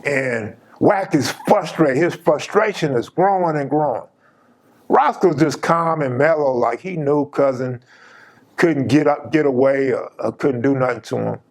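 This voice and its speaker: A man's voice: mid-range voice, unhurried. A man hosting his channel, casually telling a personal story in an emphatic, slang-heavy way.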